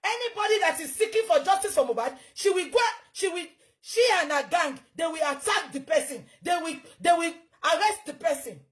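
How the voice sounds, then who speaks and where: A woman's voice: very high voice, lively intonation, fairly quick. A woman with a Nigerian Yoruba accent, scolding and mocking in heated commentary.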